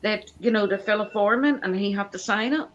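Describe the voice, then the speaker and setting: A woman's voice: mid-range voice, brisk, muffled recording. A woman, telling family anecdotes in a casual live chat and acting out the people she quotes. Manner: animated anecdote teller, acts out quoted voices.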